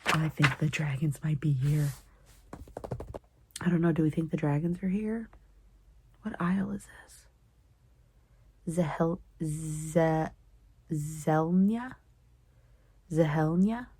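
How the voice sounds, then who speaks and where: A woman's voice: low voice, steady tone, normal speed, long pauses, a little mellow, husky, no room sound. A young woman vlogging as she reads, reacting emotionally and often dropping into a whisper while she retells the plot loosely. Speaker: book vlogger. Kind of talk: casual reading-vlog commentary.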